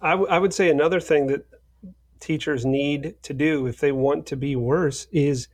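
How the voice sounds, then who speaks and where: A man co-hosting a podcast, giving mock-serious advice in a deadpan way. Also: on the high side, normal speed. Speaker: podcast co-host. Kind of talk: bantering podcast chat.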